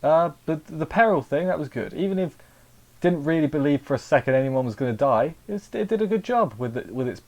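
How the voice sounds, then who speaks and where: A man's voice: fairly high pitch, lively intonation, fairly quick. A man giving a casual, rambling spoken review of an anime episode, often repeating words and restarting sentences.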